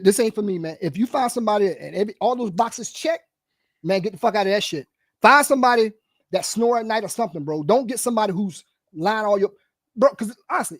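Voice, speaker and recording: Fast-talking rambling podcast guy. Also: high voice, no room sound, clean studio sound. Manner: rambling, animated, lots of filler and bro. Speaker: podcast co-host. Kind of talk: casual chat.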